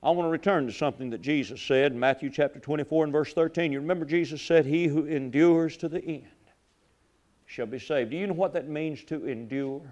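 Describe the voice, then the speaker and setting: A middle-aged male pastor delivers a sermon. His voice sits high for a man. He swings between fervent, loud passages and hushed asides, often repeating his words. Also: brisk.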